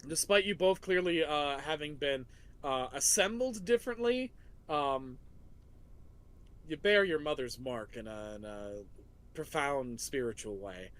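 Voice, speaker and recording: A man's voice: a little high, a little slow, fairly bright tone, slight background noise. A man narrating and running a tabletop game as game master, playful and descriptive.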